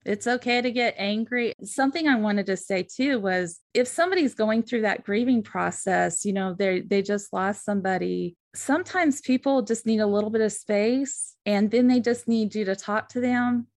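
A woman hosting a faith-based podcast with a steady, middle-pitched voice. She talks earnestly and with emphasis, giving listeners direct advice. The sound is dry and close. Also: normal speed, few pauses, no room sound. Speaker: podcast host and therapist.

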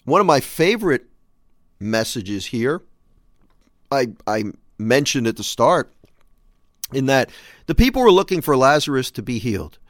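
A man's voice: mid-range voice, very animated, measured pace, long pauses, dry recording, clean studio sound. A man hosting a show, reading scripture aloud and reflecting on it in an earnest, emphatic way. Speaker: host.

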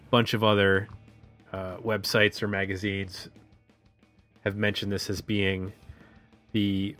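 A man with a voice on the low side and a bit bright co-hosts an album review podcast. He chats casually, dropping in some hesitant fillers.

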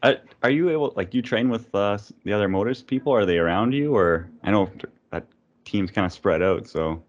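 A man co-hosting a podcast, asking his questions in a hesitant, halting way. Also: on the low side, highs cut off. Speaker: podcast co-host. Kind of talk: casual chat.

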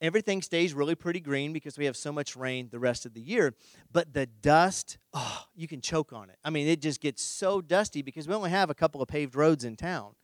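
A middle-aged man, a pastor, preaching a conversational sermon and telling a personal story in an animated, humorous way. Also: on the high side, brisk, no room sound.

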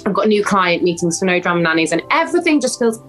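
A woman, a podcast guest talking in a lively, emotional, animated way. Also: medium pitch, quick pace, faint music behind, low-quality recording. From West Wales. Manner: animated, emotional, acts out voices in stories. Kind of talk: casual podcast chat.

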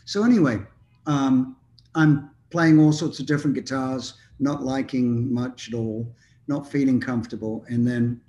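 A man's voice: medium pitch, fairly even intonation, unhurried, warm tone, dull audio. An older man, a musician guest, telling long anecdotes in a casual interview, rambling with frequent ums and restarts.

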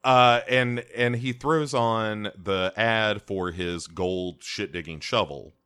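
A male podcast co-host in casual chat, recapping a film scene by scene. His voice is low yet bright and forward. He talks with plenty of ums and uhs and adds dry, wry jokes. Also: slow, clear, resonant tone. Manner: recaps scenes with many fillers, dry humor.

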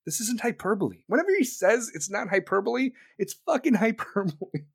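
Guy with a kinda high voice going off in a sweary mocking rant. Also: sing-song, a little fast, vocal fry, breathy edge. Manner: loud, heated, profane, mocking. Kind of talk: profane comedic political rant.

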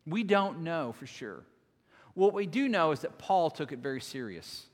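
A man, a lead minister, preaching a sermon earnestly, swinging between loud emphasis and quiet, soft-spoken moments. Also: a little high, sing-song, normal speed. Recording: long hall reverb.

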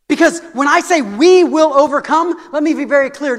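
A male pastor preaching in a church sanctuary, his voice ringing through a long hall reverb. He repeats words as he presses his points and climbs toward forceful, insistent peaks. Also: very high-pitched, moderate pace. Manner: preaching with rising intensity and repeated phrases. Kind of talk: sermon.

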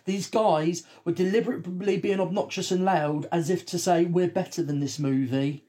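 A man from the UK co-hosting a casual chat, telling animated stories with plenty of swearing. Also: high-pitched, moderate pace. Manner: animated, profane storytelling. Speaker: podcast co-host.

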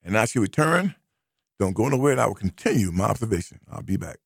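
A man's voice: lowish voice, big pitch swings, fast talker, gravelly, slightly rough, no echo, studio quality. A man hosting a radio talk show, delivering an emphatic, preachy commentary and repeating key phrases for stress. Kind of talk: opinionated radio commentary monologue. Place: radio studio.

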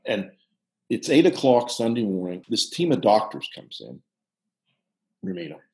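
Man, sixties, storyteller, lively swinging pitch, stumbling restarts, echoey room. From Pittsburgh. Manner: animated, halting with restarts, drops to hushed tones. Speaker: guest storyteller, former soccer coach. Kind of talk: casual storytelling. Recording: roomy echo.

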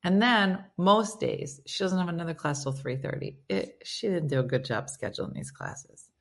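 A woman in her forties with a low voice hosts a casual morning show. She chats easily and reads listener messages aloud between her own stories. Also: very animated, normal speed, gravelly. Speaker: radio host reading listener messages.

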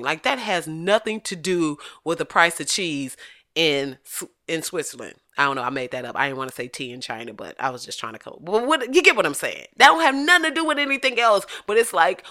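Blunt, animated woman ranting casually. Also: on the low side, brisk. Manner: blunt, animated, swears freely. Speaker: commentary host. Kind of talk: casual opinion commentary.

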